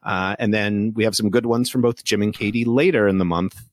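A man's voice: fairly low pitch, fairly even intonation, brisk, dry recording. A man hosting a casual movie podcast, joking and rambling with lots of puns. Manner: jokey, rambling, punning. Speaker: podcast host. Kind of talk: casual chat.

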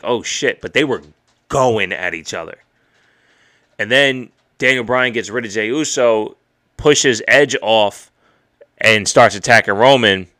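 A man hosting a podcast, recapping a wrestling show in casual, excited, profane chat. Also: mid-range voice, clear, resonant tone. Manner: excited, profane, recounts and quotes matches. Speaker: podcast host. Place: home streaming setup.

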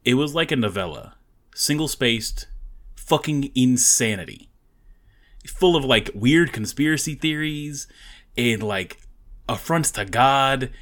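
A man's voice: mid-range voice, expressive, slow, fairly bright tone. A man on a casual podcast, blunt and profane, giving short reactions and telling a brief work story. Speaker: podcast co-host.

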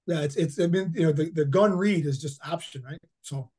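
A man's voice: on the high side, fairly quick, mellow, husky. A man in his fifties, a head football coach, telling stories in a casual interview, rambling with many fillers and repeated words. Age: 50s.

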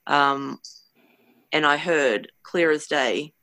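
A woman recounts a personal experience in an earnest, hesitant way, pausing often to find her words. Her voice is bright and forward. The sound is dry and close, with no room around it. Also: deep voice, no echo. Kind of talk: personal storytelling.

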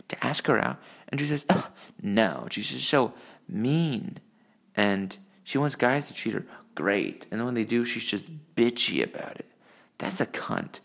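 A man's voice: medium pitch, creaky. A man rambling through crude personal stories and jokes, profane and full of fillers, recorded on a phone. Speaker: monologue storyteller. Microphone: phone mic.

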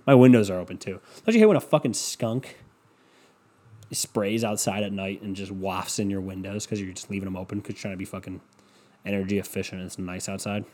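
A man's voice: deep voice, steady tone, brisk, dark tone. A young man hosting a solo podcast at home, rambling and swearing in a sarcastic, scatterbrained way. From Cleveland. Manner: scatterbrained, profane, sarcastic ranting. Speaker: podcast host. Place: home room with windows open.

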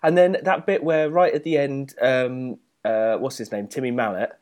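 A man co-hosts a podcast in casual conversation, teasing and dry, and he laughs often. His mid-range voice is a little mellow, with fairly even intonation and a moderate pace.

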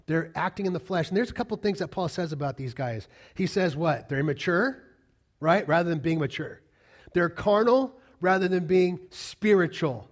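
A man's voice: on the high side, lively intonation, normal speed. A middle-aged man preaching a sermon as pastor, emphatic, repeating key lines and asking the congregation questions.

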